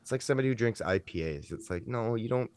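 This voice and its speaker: Deep-voiced man, blunt teasing banter. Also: animated, fast, a little mellow, smooth. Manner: teasing, blunt, swears freely. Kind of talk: casual chat.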